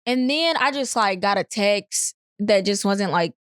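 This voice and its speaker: A woman's voice: medium pitch, expressive, measured pace, fairly bright tone, no room sound, studio quality. A young woman co-hosting a podcast, talking candidly in casual chat, repeating herself and using lots of slang. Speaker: podcast co-host.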